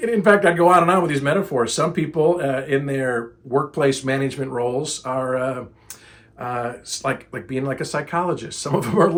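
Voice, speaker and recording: A middle-aged man, a speaker and trainer, telling a story casually and acting out both sides of an exasperated argument. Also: medium pitch. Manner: animated, exasperated retelling with quoted dialogue.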